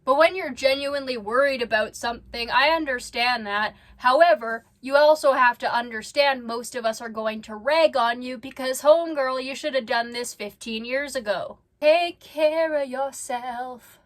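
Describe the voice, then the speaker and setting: Blunt, high-voiced woman reacting. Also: moderate pace, hardly any pauses, a bit bright. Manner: blunt, swears freely, talks straight to the person on screen. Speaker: reaction vlogger. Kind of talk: casual reaction commentary.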